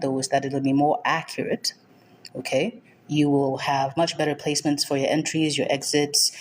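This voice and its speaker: A woman's voice: low-pitched, a little hiss or hum. A woman from Nigeria hosting a livestream trading lesson. She welcomes viewers by name and is firm and direct, repeating her key points. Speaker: forex trading mentor.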